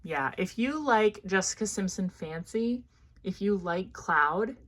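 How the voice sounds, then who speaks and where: A woman's voice: mid-range voice, expressive, a little slow, a bit bright. A woman with a Midwestern American accent giving a casual, chatty perfume review, thinking aloud with plenty of fillers. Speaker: fragrance reviewer.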